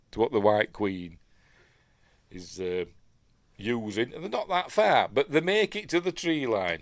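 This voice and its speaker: A man's voice: fairly low pitch, no echo. A man with a Yorkshire accent hosting a live film breakdown, chatting along and muttering asides under his breath. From Yorkshire, England. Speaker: film review host.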